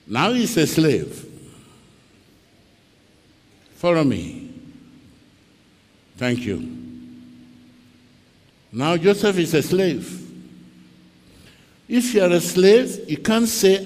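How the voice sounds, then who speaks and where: A man's voice: on the high side, big pitch swings, takes it slowly, long pauses, darkish tone, long reverb tail. A man with a Ghanaian accent preaching a sermon as pastor, telling the story dramatically and acting out its scenes.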